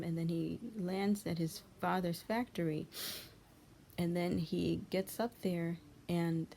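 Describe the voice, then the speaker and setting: A young woman, a channel host, giving a heartfelt monologue of encouragement in a soft, often half-whispered, gentle and comforting way. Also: lowish voice, slight background noise. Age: young adult.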